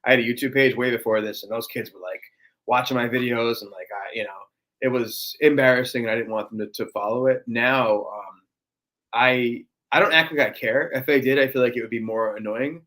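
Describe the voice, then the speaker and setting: A man's voice: medium pitch, fairly even intonation, fairly quick, a bit bright, poor audio. A man, a guest on a podcast, telling stories in a loose, chatty way with lots of filler words. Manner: chatty storyteller, many fillers. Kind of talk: casual podcast conversation.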